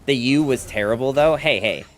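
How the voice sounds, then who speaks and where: A man's voice: mid-range voice, moderate pace. An American man casually commentating his gameplay on stream, chatty and playful, joking with his chat.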